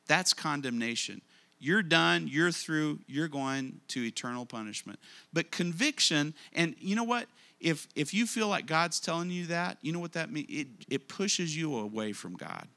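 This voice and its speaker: A man preaching a sermon to a congregation, emphatic, often asking questions and slowing down to stress key lines. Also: on the high side, expressive, gravelly, sharp tone. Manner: emphatic, repeats phrases, asks the congregation questions. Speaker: pastor.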